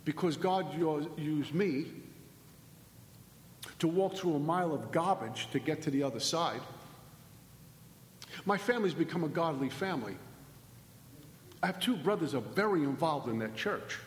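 Middle-aged man, slightly high voice, emphatic recovery-meeting speaker, preachy and repetitive; echoey hall. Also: expressive, normal speed, pauses often, a little hiss or hum. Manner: emphatic, preachy, repeats phrases and rhetorical questions. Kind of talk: impassioned recovery talk. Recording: echoey hall with long reverb.

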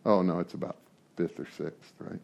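A man's voice: low-pitched, steady tone, moderate pace, gravelly, darkish tone. A man speaking informally to a recovery group, joking and repeating words as he thinks aloud. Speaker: speaker leading a twelve-traditions study series.

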